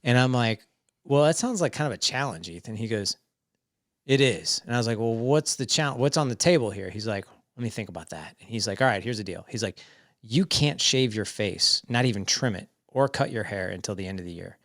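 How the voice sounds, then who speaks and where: Man in his 40s, podcast guest, lowish voice, dry close recording, chatty storyteller. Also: fairly quick, no echo. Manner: animated, quotes family dialogue in stories. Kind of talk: casual storytelling chat.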